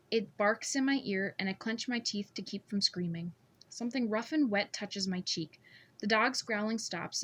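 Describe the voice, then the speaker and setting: Brief: woman, amateur audiobook reader, even first-person narration. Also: mid-range voice.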